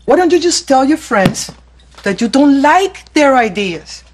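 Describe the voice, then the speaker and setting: An actress playing a caring, wry teacher who gives soothing but firm advice in a sitcom. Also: female voice, sits high, big pitch swings, measured pace, noisy background. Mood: reassuring. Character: caring, wry female teacher, middle-aged. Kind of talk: sitcom acting.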